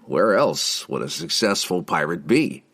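A man's voice: low-pitched, big pitch swings, measured pace, fairly bright tone, husky, exaggerated voice. A man reading the part of a wry wizard who speaks from a crystal ball, eager to serve.

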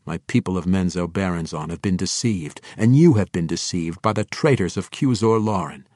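A man doing an aloof dark elf messenger. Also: deep voice, normal speed, dry recording, studio quality. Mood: cold.

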